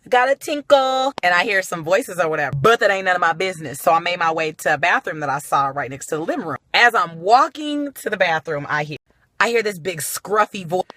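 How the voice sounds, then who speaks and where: Woman vlogger spinning a wild story, bright voice, swings up and down, dry close phone sound. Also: on the low side, a little fast, no room sound. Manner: animated, profane, exclamatory. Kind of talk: comic storytelling to followers.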